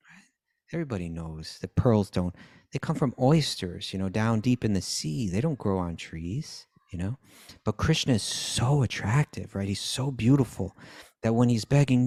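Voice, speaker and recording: A man's voice: fairly low pitch, expressive, normal speed. A man telling devotional stories in casual conversation, acting out the characters' lines and often checking in with "you know" and "right?". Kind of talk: conversational storytelling.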